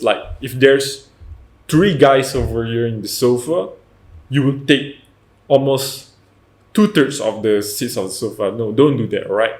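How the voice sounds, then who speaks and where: A man hosting a self-help video, giving earnest direct-to-camera advice and often checking in with "right?" and "you know". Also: mid-range voice. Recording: echoey room.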